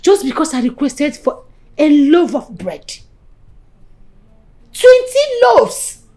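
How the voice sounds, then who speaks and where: Anxious pleading wife, high lively voice. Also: female voice, moderate pace. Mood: worried. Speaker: worried wife asking her husband's friend.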